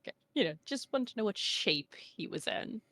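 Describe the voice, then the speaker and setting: A woman running a tabletop game, narrating in a relaxed, joking way with plenty of fillers. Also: a little high, normal speed, no echo. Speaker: game master.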